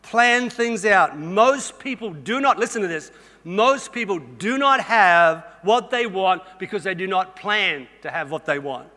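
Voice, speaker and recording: Aussie preacher guy, high bright voice, chatty and punchy, big echoey church hall. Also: unhurried. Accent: Australian. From Australia. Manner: energetic and conversational, talks straight to the congregation with humor. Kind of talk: sermon. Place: church auditorium.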